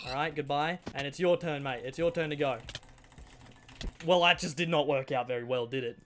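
High-pitched excitable Australian young man. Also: brisk, slight background noise. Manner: excitable, bursts into shouts and laughter; cheeky, mock-stern banter with opponents. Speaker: gaming YouTuber. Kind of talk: gameplay commentary.

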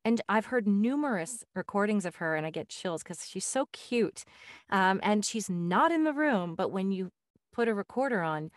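A woman's voice: mid-range voice, normal speed, no echo, clean studio sound. A woman hosting a podcast interview, telling stories with enthusiasm. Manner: enthusiastic, animated storytelling. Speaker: podcast host. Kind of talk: casual interview chat.

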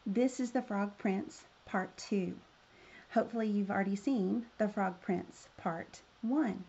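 A woman reading a children's fairy tale aloud in a gentle, expressive way. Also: mid-range voice, unhurried, slightly rough, lo-fi sound. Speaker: storyteller.

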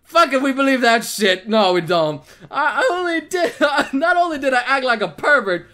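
A man hosting a let's play, reading the game's text aloud between loud, excitable reactions: yelps, shrieks, laughter and plenty of swearing. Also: extremely high pitch, normal speed.

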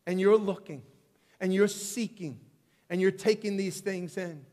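Pastor guy preaching, high voice, lots of hall echo, acts out the story and restarts words a lot. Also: fairly even intonation, unhurried, a little mellow. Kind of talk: sermon. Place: church sanctuary. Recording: long reverb of a church hall.

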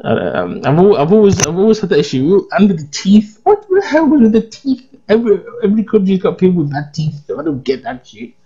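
A man's voice: high-pitched, very animated, a little fast, hardly any pauses, warm tone, slightly rough, lo-fi sound. A groggy, worn-out English man chatting and rambling through casual gameplay commentary as a let's play host.

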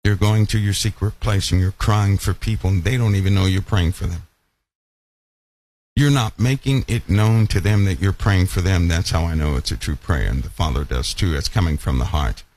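A man preaching a Bible-study sermon who keeps asking his listeners questions and slows down to stress key lines. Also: low voice, a little mellow. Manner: emphatic, asks the audience questions often.

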